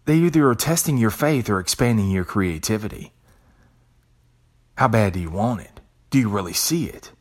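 A man hosting a podcast, giving a profane, preachy motivational monologue. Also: lowish voice. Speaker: podcast host.

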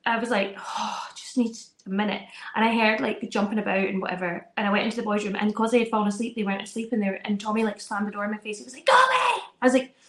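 A woman in her thirties chatting casually as a podcast co-host, telling animated stories and acting out her kids' voices. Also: medium pitch, very fast, hardly any pauses, roomy sound. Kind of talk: casual chat.

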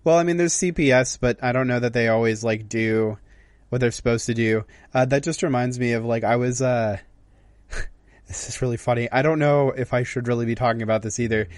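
A man co-hosting a casual podcast, relaxed and hesitant, filling his talk with "like" and "uh". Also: medium pitch, fairly quick, no room sound. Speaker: podcast co-host. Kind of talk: casual chat.

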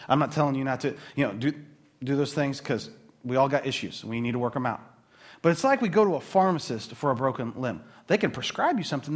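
A man's voice: fairly high pitch, husky. A man preaching a sermon as a pastor, talking casually and acting out the voices of the people in his story. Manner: animated, acts out quoted voices.

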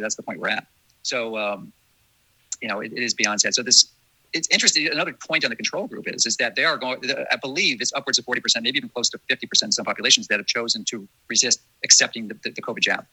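Fast-talking husky-voiced man. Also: medium pitch, bright, forceful tone, no room sound, poor audio. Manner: earnest, emphatic, with restarts. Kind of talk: casual discussion.

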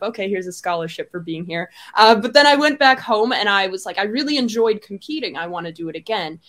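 A woman's voice: medium pitch, fairly bright tone. A young woman from Wisconsin, a pageant winner being interviewed, chatting in a bubbly way and laughing often. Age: young adult. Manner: bubbly, laughs often, speaks in quick upbeat bursts. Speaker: guest, reigning Miss America. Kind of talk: casual interview chat.

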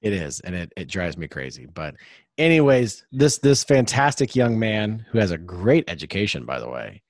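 A man's voice: fairly low pitch, sing-song, moderate pace, no echo, studio quality. A man hosting a casual sports podcast, rambling and upbeat, hyping up his guest. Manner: rambling, upbeat hype-style introductions. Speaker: podcast host.

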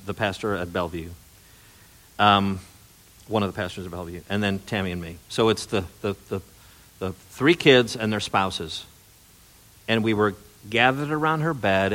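A middle-aged man preaching a sermon as pastor, telling stories in a folksy way that rises with excitement and then drops to soft, earnest appeals. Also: fairly low pitch.

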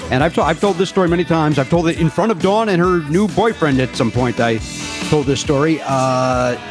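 A man's voice: a little high, a little fast, music in the background. A middle-aged man telling rambling stories on a remote podcast, stumbling and correcting himself, acting out quotes with gusto. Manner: rambling, self-correcting, animated quoting. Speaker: podcast guest. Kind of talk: casual storytelling chat. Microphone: remote podcast mic.

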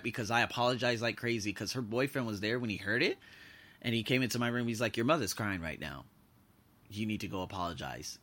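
A man in his thirties hosting a solo podcast, telling personal stories in a loose, animated way and acting out what people said. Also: mid-range voice. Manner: animated storytelling, acting out quotes loudly. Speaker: podcast host. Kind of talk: casual solo podcast monologue.

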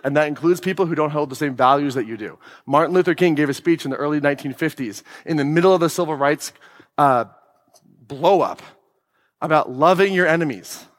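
A man with a slightly high voice delivers a blunt, emphatic motivational talk to an audience. He swears freely and throws questions at the room. The sound carries a long reverb tail, as if from a large hall. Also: a bit bright. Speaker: podcast host giving a talk.

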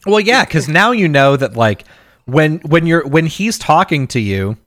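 A man's voice: a little high, sing-song, measured pace, fairly bright tone, no echo, clean studio sound. A young man in casual chat who jokes, laughs often and mimics people mockingly.

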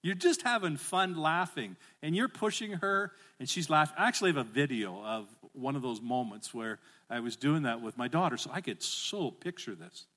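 Delivering his sermon at a moderate pace, this middle-aged pastor has a slightly high voice. He grows animated, rising into emphatic calls, and asks the congregation to echo his phrases.

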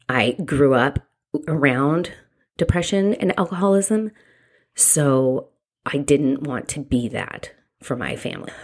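A woman, a mother, telling her own story in a candid, reflective way, halting and restarting as she goes. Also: very deep voice, a little mellow. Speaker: mother sharing a personal story. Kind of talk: candid personal testimony.

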